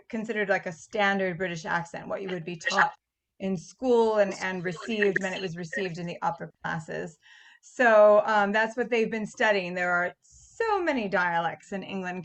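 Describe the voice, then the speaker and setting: A woman's voice: mid-range voice, fairly bright tone. A middle-aged woman hosting a cast Q&A on a video call, chatting and reading out audience comments. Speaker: theatre director hosting a cast Q&A. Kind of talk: casual chat on a video call.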